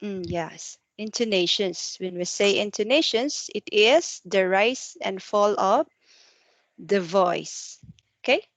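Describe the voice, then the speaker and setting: A woman tutors English one to one over a video call, asking patient questions. She explains things slowly, with some non-native grammar. Her voice sounds dry and close. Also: mid-range voice, expressive, no room sound. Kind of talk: one-to-one online English lesson.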